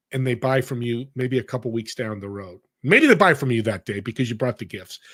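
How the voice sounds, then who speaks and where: A middle-aged man as an interview guest, telling stories with energy and speaking straight to the audience. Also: medium pitch. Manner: animated, addresses the audience directly. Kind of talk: conversational storytelling.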